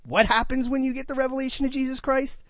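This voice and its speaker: A man's voice: very high-pitched, level tone, fast, a bit bright, dry recording. A man preaching a sermon, reading scripture and asking his congregation questions with emphatic delivery.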